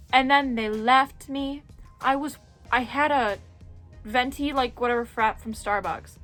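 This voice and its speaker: Lively young woman telling stories. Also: high voice. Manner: animated, chatty, swears freely, acts out quotes. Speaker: vlogger. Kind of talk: casual storytelling.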